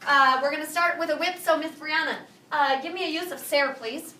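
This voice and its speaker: A woman teaching a Spanish review lesson to a high school class, firing questions and having students repeat after her. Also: steady tone, fairly quick, pushed and bright, slight background noise. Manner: drills students with call-and-response questions. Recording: echoey classroom from far off.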